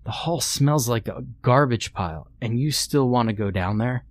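This man speaks at a normal pace with lively intonation and medium pitch, in a recording with no room sound. He pitches his voice a bit above his own, still close to an everyday tone, to play a scared, irritable burly young man who keeps pleading and complaining during their exploration.

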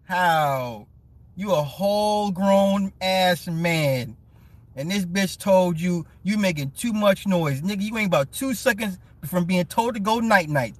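Guy streaming, high voice bouncing all over, slow and petty, cussing and laughing a lot. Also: fairly bright tone, dry recording. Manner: laughs often, teasing and profane; mocking, petty storytelling. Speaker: live-stream commentator. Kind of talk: casual ranting commentary to chat.

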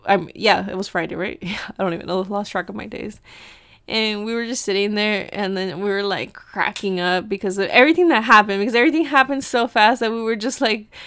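A woman's voice: mid-range voice, fairly bright tone, clean tone, no room sound, clean studio sound. A young woman vlogger telling a story in a casual, chatty way, laughing often and slipping Spanish phrases into her talk.

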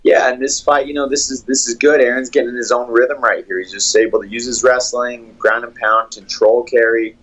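A man coaching fighters talks through fight footage in a steady, analytical play-by-play. His voice sits at an average pitch. The recording sounds dull and lo-fi. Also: brisk, few pauses.

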